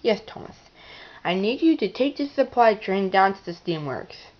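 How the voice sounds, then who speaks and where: A woman voicing an older male railway controller in a toy-train story, giving orders in a steady, instructing tone. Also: medium pitch, moderate pace, lo-fi sound, natural voice. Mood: firm.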